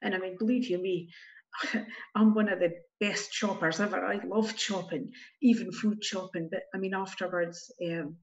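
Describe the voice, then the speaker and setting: A woman guest giving candid spoken testimony, emotional and halting, with wry asides. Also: medium pitch, steady tone. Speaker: guest telling her story. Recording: dull lo-fi recording.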